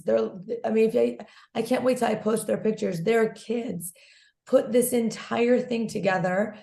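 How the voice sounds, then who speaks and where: On a video call from an echoey room, a woman guest activist speaks in a hoarse, gravelly voice, worn out from screaming at a protest. In this casual interview she is excited, talkative, and effusive, at a medium pitch and a slightly slow pace.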